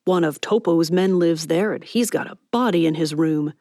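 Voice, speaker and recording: A woman's voice: lowish voice, moderate pace, warm tone, no room sound, natural voice. Woman reading a wry quipping man. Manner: dry, offhand.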